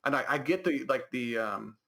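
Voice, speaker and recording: A man's voice: medium pitch, animated, normal speed, gravelly, a bit bright. A man with an American accent co-hosting a casual podcast, rambling with many fillers and restarts. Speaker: podcast co-host. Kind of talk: casual chat.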